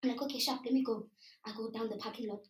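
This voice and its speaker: A young South African woman with a South African accent telling a story live to an audience in an animated, chatty way, slipping into local words. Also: a little high, very fast. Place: live event room. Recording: roomy sound from a distant mic.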